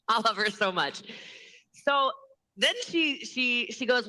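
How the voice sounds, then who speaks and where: A woman giving a motivational sales training in a lively, laughing way, acting out other people's lines. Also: medium pitch, unhurried, pauses often, low-quality recording.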